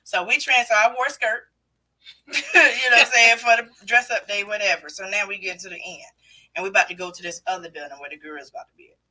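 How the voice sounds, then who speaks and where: Bright woman hosting a chat. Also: medium pitch, fairly quick, rough recording. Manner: lively, joking, laughs. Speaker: podcast host. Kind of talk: casual storytelling chat.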